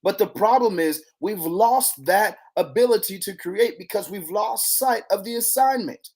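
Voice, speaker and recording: An excitable devotional leader teaching a faith challenge to camera, breaking into bursts of praise and repeating lines for emphasis. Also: medium pitch, a little slow, breathy edge. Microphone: handheld camera.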